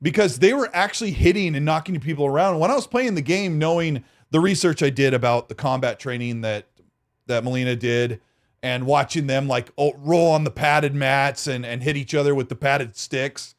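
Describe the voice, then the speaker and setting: A man's voice: mid-range voice, normal speed. A man co-hosting a gaming podcast in casual chat, rambling and detailed. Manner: rambling, detailed, full of fillers like "you know". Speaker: podcast co-host.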